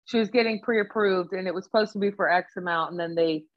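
Foul-mouthed woman telling animated stories. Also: mid-range voice, fast talker, no echo, highs cut off. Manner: swears a lot, animated storytelling. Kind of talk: casual chat.

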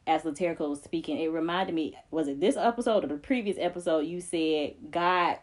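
A woman's voice: deep voice, fairly quick. A woman co-hosting a faith podcast, speaking earnestly and emphatically, with repeated phrases that build like preaching. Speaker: podcast co-host.

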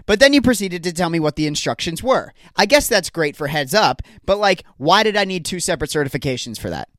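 Rambling exasperated young podcast host. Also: male voice, a little high, very animated, brisk, a bit bright, dry recording, clean studio sound. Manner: rambling, exasperated, self-deprecating storytelling. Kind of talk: solo comedic podcast rant. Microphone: studio podcast microphone.

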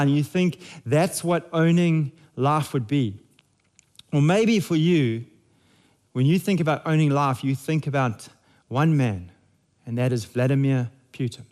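A man's voice: a little high, darkish tone. A man, preaching a sermon in a conversational, jokey way with frequent restarts. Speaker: pastor.

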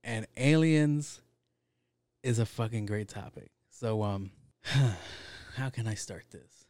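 A man's voice: lowish voice, takes it slowly, a little mellow, no echo, studio quality. A man talking in a loose, rambling monologue, swearing often and leaning on fillers. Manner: profane, rambling, with frequent fillers.

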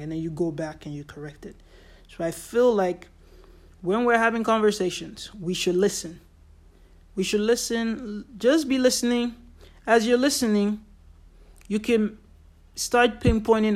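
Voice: mid-range voice, fairly even intonation, unhurried, long pauses. A podcast host giving a solo motivational talk in an earnest, emphatic way, repeating key phrases for weight and now and then acting out what other people say.

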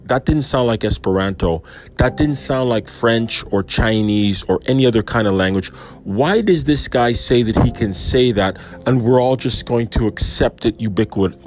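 A man talking through his thoughts in an unscripted monologue, questioning and pausing often as he weighs his words. His voice sits at an ordinary middle pitch. Soft music plays faintly underneath. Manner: thoughtful, questioning, with frequent pauses and fillers. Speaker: Christian believer reflecting on a sermon. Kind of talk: personal reflective monologue.

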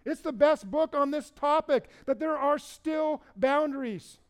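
High-voiced man preaching a sermon. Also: measured pace. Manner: conversational, storytelling, repeats words when stressing. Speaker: pastor.

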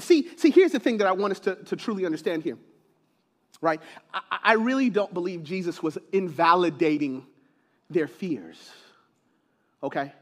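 Male pastor, very high voice, animated sermon delivery, stumbles and repeats words. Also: normal speed. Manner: animated, repeats words, laughs between points.

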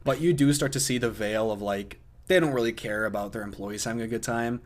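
A man's voice: medium pitch, fairly quick. A young man co-hosting a podcast in casual chat, joking around and laughing often. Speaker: podcast co-host.

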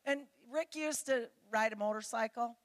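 A woman's voice: on the high side, normal speed. Chatty middle-aged woman giving a sermon. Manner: chatty and candid, with laughs and mimicked voices. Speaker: pastor's wife speaking to a church audience. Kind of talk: conversational sermon with personal stories.

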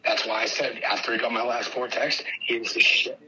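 A young man in a heated, profane casual rant, agitated and swinging between loud outbursts and hushed mutters. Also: medium pitch, fairly even intonation, moderate pace, hardly any pauses, poor audio.

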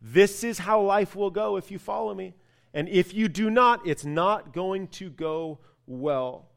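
A man with a fairly high voice preaching to his congregation. He tells the story in a chatty, animated way, drops casual asides and shifts his tone often. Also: unhurried, gravelly. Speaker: pastor. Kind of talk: sermon.

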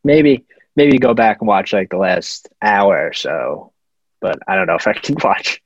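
A man's voice: on the low side, big pitch swings, measured pace, slightly rough, no echo. A man co-hosting a casual film review podcast, laid-back and profane, with hesitant restarts. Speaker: podcast co-host. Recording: dull muffled home mic.

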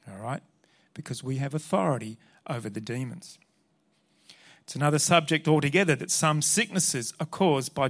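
Male pastor, slightly raised pitch, emphatic sermon delivery with Scripture readings.

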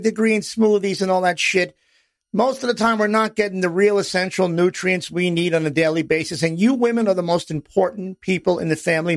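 A middle-aged man hosts his own podcast, talking in a blunt, profane, gruff wise-guy way. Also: high-pitched, dry recording, studio quality. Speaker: podcast host. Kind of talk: personal podcast monologue.

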